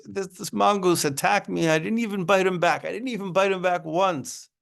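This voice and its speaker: A man's voice: high voice, steady tone, normal speed, gravelly, fairly bright tone, pitched above the performer's own voice. A man voicing a wounded male cobra complaining indignantly in a told fable. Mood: aggrieved. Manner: complaining, aggrieved.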